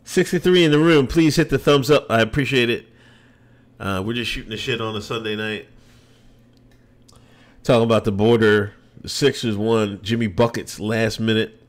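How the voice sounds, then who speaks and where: A man's voice: medium pitch, steady tone, moderate pace. A man hosting a casual livestream podcast, answering viewer comments with loose, joking, sarcastic asides and frequent laughs.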